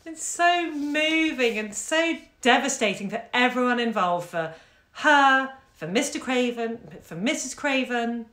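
A woman reading a short story aloud, measured and expressive, growing soft in the sad parts. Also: a little high. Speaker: bookshop owner reading aloud. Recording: roomy echo.

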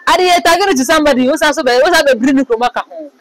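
A woman with a Ghanaian accent runs through celebrity gossip in a casual, animated way. Her voice sits a little high. She throws herself into the quotes and comments she reads out. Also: quick pace, low-quality recording. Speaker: entertainment commentator.

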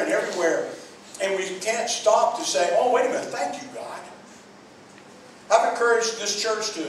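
High-voiced man preaching in an echoey church. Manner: earnest, repetitive, addresses the congregation directly. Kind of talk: sermon. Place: church sanctuary. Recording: very echoey church hall, mic far off, faint noise.

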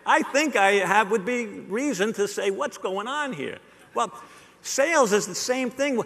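A man's voice: sits high, very animated, moderate pace, gravelly, fairly bright tone. A middle-aged man giving a joking, rhetorical live sales keynote to an audience in a large hall. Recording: long hall reverb.

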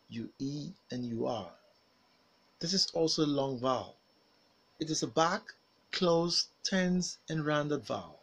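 A man teaching phonics, saying single words and sentences slowly and carefully for learners to repeat. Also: mid-range voice, slightly rough, poor audio. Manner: slow, carefully enunciated single words with pauses for repetition. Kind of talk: pronunciation drill lesson.

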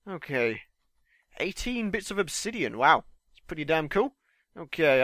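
Excitable young man, bright voice. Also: sits high, dry recording, studio quality. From United Kingdom. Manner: chatty, excitable, swears mildly, jokes with viewers. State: slightly stuffed-up voice. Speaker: gaming channel host. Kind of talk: casual gameplay commentary.

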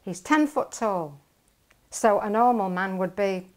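A woman's voice: mid-range voice, animated, unhurried. A woman preacher, retelling a Bible story and acting out what its characters say.

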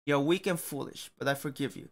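A man's voice: mid-range voice, a little fast, close to an everyday voice. A man voicing a commanding, condescending male god who speaks in a grand, lofty way.

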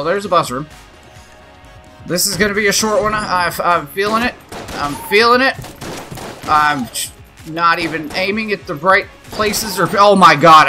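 A man giving excitable let's play commentary, yelping, swearing and cheering at the game as he plays. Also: high voice. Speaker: gaming channel host.

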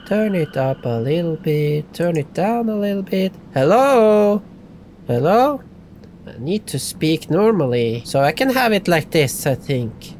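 A man doing let's play commentary, excitable and laughing often, dropping from loud yelps to hushed talk. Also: a little high, a little hiss or hum. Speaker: gaming YouTuber.

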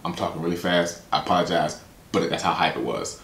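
A young man hosting a reaction video in casual slangy commentary, excited and hyped. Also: low-pitched, fairly quick, vocal fry. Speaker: reaction channel host. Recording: echoey room with loud music. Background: anime opening music playing.

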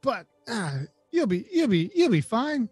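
A man's voice: big pitch swings, a little slow, darkish tone, husky, no room sound, heavily acted. A cheerful professor of magical creatures with a put-on twang, as a man voices him. The voice sits well above the performer's own and sounds folksy and chirpy. It is recorded close and dry, with faint music behind it. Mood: reassuring. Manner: chirpy, folksy, higher than his own voice.

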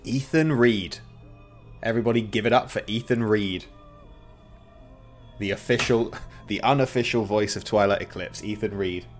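A man's voice: fairly low pitch, normal speed, long pauses, faint music behind. A male streamer chatting casually while gaming and laughing often.

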